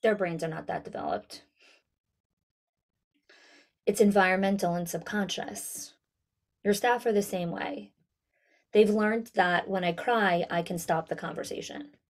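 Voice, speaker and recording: A woman speaks to school leaders in an online town hall session, coaching them in a direct, lively way. Her voice sits at an ordinary middle pitch for a woman. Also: unhurried, pauses often. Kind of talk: webinar talk.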